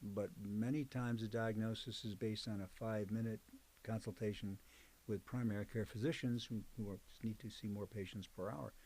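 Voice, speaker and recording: An older man who is a psychologist and professor talks through his career in an oral history interview. His lowish, darkish voice is steady and moderately paced. He's a conversational storyteller who digresses and uses fillers.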